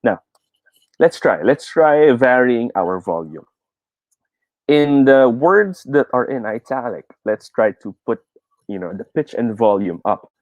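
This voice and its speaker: A young adult man with a Filipino accent teaching a live online speech lesson, mixing English and Tagalog and demonstrating loud and soft delivery. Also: medium pitch, sing-song, a little slow, dry recording, muffled recording.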